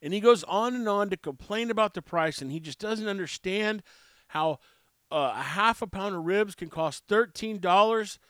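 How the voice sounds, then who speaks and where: Restaurant owner, male, stuffy-nosed, higher voice, dry close sound, storyteller. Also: lively intonation, normal speed, a bit bright, smooth, dry recording. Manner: storytelling, acting out both sides of a conversation. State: stuffy sinuses. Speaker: barbecue restaurant and brewery owner. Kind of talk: casual monologue.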